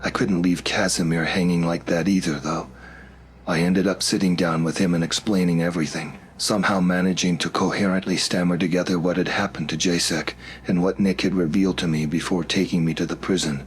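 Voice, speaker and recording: A man narrating a first-person horror story in a steady, measured way. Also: low-pitched, slight background noise.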